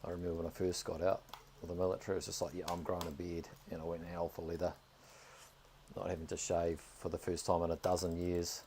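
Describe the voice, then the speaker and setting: Kiwi guy streaming, deep voice, chatty, swears a bit, faint hiss behind. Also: quick pace. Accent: New Zealand. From New Zealand. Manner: chatty, drops the odd "bloody", excitable over finds. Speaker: game streamer. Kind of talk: casual live-stream commentary.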